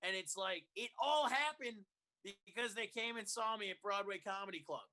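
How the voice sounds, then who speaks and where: Male podcast co-host, high bright voice, chatty and quick to laugh. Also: a little hiss or hum. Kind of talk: casual chat.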